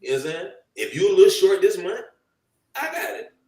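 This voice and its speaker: Animated young man, roomy off-mic sound. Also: high voice, fairly quick, distant mic. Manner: animated, slangy storytelling with acted-out quotes. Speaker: podcast co-host. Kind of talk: casual group chat.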